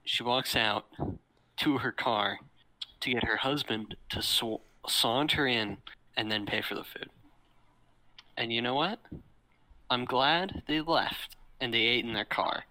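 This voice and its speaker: Young guy with a really bright, forceful voice, just chatting with his buddies and telling a work story all animated, cussing a lot. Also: mid-range voice, a little slow, rough recording. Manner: animated storytelling, swearing freely.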